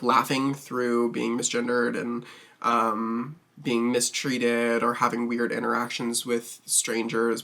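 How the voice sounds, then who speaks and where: A man hosts his own beauty vlog, chatting casually and expressively as he does his makeup. He swears freely and laughs often. His medium-pitched voice is bright and forceful.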